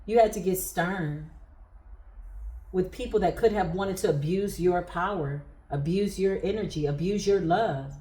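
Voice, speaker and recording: A woman's voice: lowish voice, measured pace, warm tone. Emphatic woman tarot reader, echoey room. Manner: emphatic, preacher-like cadence. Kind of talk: spiritual tarot reading.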